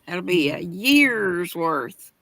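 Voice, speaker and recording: Woman, livestream host, casual chat, very slow talk, rambling, dry close sound. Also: on the low side, big pitch swings, fairly bright tone, dry recording.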